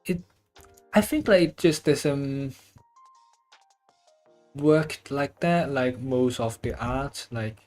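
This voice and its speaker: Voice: mid-range voice, slow pace, long pauses, a little mellow, faint music behind. An artist chatting casually while drawing, rambling loosely with lots of filler words and the odd casual swear.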